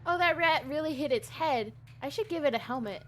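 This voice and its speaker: Chatty woman streamer, slightly high voice. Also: expressive, brisk, slight background noise. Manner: chatty, reads game text aloud, laughs often. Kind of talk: casual live game commentary.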